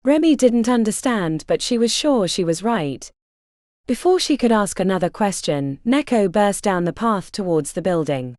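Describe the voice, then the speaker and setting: Expressive woman narrating a fantasy audiobook. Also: medium pitch, moderate pace, no echo, clean studio sound. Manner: expressive, dramatic reading.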